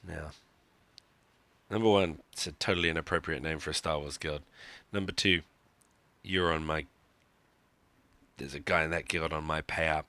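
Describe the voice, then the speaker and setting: A man's voice: very deep voice, measured pace, pauses often, sharp tone. A man giving live commentary on a mobile game he is playing, talking to himself in a wry, joking, self-mocking way. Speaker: gaming streamer.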